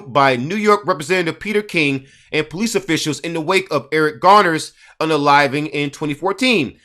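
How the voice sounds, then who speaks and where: A man's voice: high-pitched, a bit bright. A man giving indignant casual commentary, hammering his points with repetition and reading passages aloud from an article.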